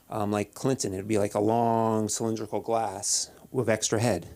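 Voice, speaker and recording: Deadpan halting male open-mic comic. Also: on the low side, vocal fry. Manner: deadpan, halting with many restarts and fillers. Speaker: stand-up comedian at open mic. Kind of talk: stand-up comedy set. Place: comedy club stage.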